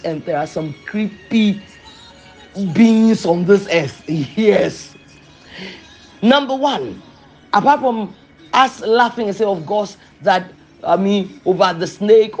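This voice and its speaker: A preacher giving a sermon, talking emphatically with rhetorical questions and repetition, swinging from loud bursts to soft asides. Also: mid-range voice.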